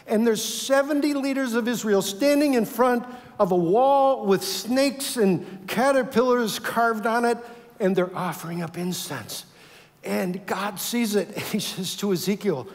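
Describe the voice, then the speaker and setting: A man preaching in a church sanctuary with a fairly high voice that rings out with a long hall reverb. He acts out the voices in his text, rising to loud cries, then dropping to quiet, heavy pleading. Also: animated, unhurried. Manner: dramatic, acts out voices of God and worshippers, swings from loud to hushed. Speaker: pastor. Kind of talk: sermon.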